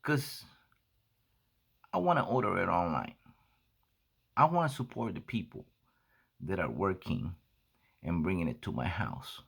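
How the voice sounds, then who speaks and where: A woman's voice: extremely low pitch, big pitch swings, a little slow, creaky, pauses often, breathy edge, exaggerated voice. A man voicing a polite teenage girl customer who asks hesitant questions about buying online. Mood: asking.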